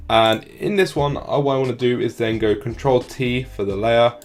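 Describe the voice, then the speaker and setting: A man talking fast and casually through a software tutorial, often saying "like". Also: medium pitch, steady tone. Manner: fast, casual, many "like" fillers. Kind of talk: screen-recorded tutorial walkthrough.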